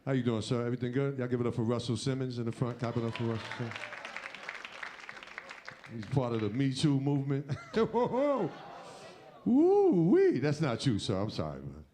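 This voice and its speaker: Comedy emcee guy, mid voice, teasing the crowd, loud audience and noise all around him. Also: mid-range voice, fast talker. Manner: hype, teasing crowd banter. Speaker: comedy show host. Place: comedy club with a live audience.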